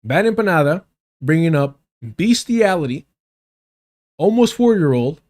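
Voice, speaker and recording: A man from the States delivers a heated livestream rant. He talks bluntly, swears freely and hammers his points by repeating them. His voice sits a little high for a man. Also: big pitch swings, a little slow, a little mellow. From United States. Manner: blunt, profane, repeats lines for emphasis. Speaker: livestream commentator.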